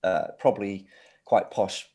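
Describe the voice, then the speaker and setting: With a warm, fairly low voice, fairly even intonation, and a measured pace, a middle-aged English record producer shares his family history as an interview guest. The conversation is casual, and he rambles, tells anecdotes, and keeps restarting his sentences.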